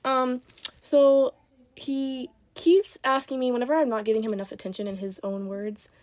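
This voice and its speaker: A woman's voice: high voice, fairly even intonation, moderate pace, a little mellow. An eighteen-year-old woman telling a casual, exasperated storytime, quoting people in her own voice.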